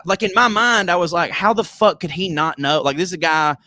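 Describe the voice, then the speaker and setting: A man's voice: high-pitched, fairly quick, no room sound. A man with a Southern American accent co-hosting a podcast, telling stories in casual comedic chat with lots of profanity. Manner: profane, storytelling, animated tangents. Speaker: podcast co-host.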